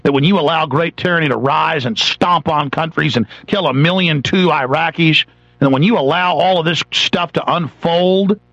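An irate radio host tears into his listeners, his voice gravelly and pitched a little high. He sneers and mocks as he rants. The sound is dry and dull, like an old radio broadcast. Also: moderate pace, fairly bright tone, dry recording. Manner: angry, sarcastic, mocking voices of others. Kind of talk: ranting political talk radio monologue.

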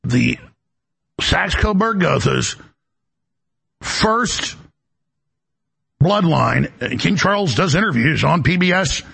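A man's voice: a little high, expressive, takes it slowly, gravelly, pauses often, fairly bright tone, breathy edge. A male talk show host delivering an emphatic, rambling political monologue, often repeating words as he goes.

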